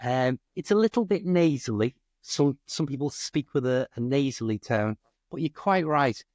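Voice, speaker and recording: A man with a Liverpool Scouse accent, chatting as a guest and explaining things in a relaxed way. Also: medium pitch, normal speed, no room sound, studio quality. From Liverpool, England. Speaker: guest, English teacher. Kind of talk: casual chat.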